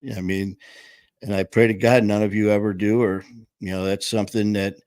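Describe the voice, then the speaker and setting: A man's voice: fairly low pitch, level tone, fairly quick, darkish tone, clean tone, no echo. A middle-aged man candidly telling his own story in plain, casual words, swearing now and then. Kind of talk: personal storytelling.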